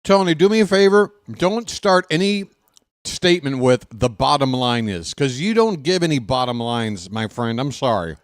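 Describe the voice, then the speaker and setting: A man's voice: medium pitch, expressive, moderate pace, no echo. A man ranting sarcastically and with exasperation as a fan commentator, in casual live baseball talk on a close desk mic.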